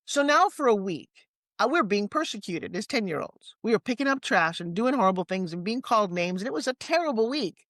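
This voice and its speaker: A woman in her sixties with a New York accent, a guest telling personal stories in a lively, candid way with quick asides. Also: medium pitch, no echo, studio quality. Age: 60s. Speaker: interview guest. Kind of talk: personal storytelling in conversation.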